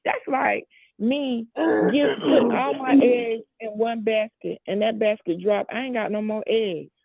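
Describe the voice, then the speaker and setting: A woman's voice: fairly high pitch, steady tone, unhurried, gravelly, no room sound, phone-quality sound. A woman on a discussion panel, arguing emphatically and talking over the others. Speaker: panel guest.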